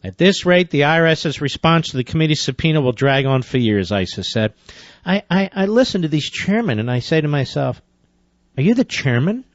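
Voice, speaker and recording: A man's voice: fairly high pitch, animated, a little fast, no echo, highs cut off. A man hosting a talk radio show, reading news items aloud and breaking into sarcastic, indignant commentary.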